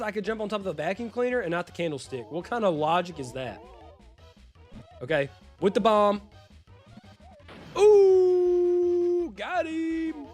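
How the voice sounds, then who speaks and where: Joking Louisiana man streaming games. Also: high-pitched. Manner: chatty, joking, breaks into excited yelps. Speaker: game streamer. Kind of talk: casual live-stream commentary. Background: faint game music.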